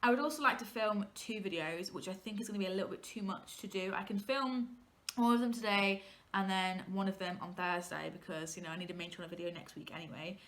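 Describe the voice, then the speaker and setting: A young woman from England in her late teens rambles cheerfully to camera from her kitchen. She sounds slightly out of breath, and her voice is bright and forward. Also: mid-range voice, fast talker. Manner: chatty and rambling, talking to camera. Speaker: vlogger. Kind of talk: casual chat. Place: home kitchen.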